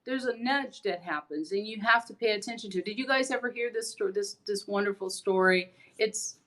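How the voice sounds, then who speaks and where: A woman's voice: mid-range voice, normal speed. Earnest woman hosting a motivational show. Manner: animated storyteller acting out characters' lines; earnest, encouraging. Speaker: host. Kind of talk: motivational monologue to viewers.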